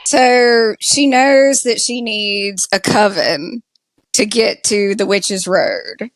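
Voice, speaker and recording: A woman with a Southern US accent talks slowly and loosely, stringing her thoughts together with "like" as she recaps a show. The recording is dry and close, with no room sound. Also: medium pitch, dry recording. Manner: slow, chatty, lots of "like" fillers. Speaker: podcast co-host. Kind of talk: casual TV recap chat.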